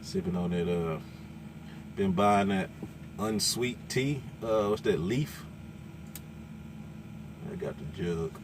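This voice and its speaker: A man, a truck driver ranting loudly and cursing in casual talk from inside his truck cab. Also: deep voice, takes it slowly, long pauses, background noise. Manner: loud, cursing, repetitive, laughing. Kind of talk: profane casual rant.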